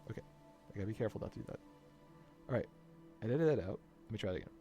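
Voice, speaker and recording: A man's voice: fairly low pitch, animated, rapid-fire, dark tone, faint music behind. A man in an unscripted personal rant, frustrated and swearing, often circling back to repeat his points. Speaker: vlogger.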